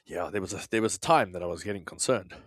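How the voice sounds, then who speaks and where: A man's voice: low-pitched, quick pace, no echo. A man from South Africa with an Australian accent and South African traces, co-hosting a podcast in casual, rambling, self-deprecating chat with some swearing. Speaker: podcast co-host.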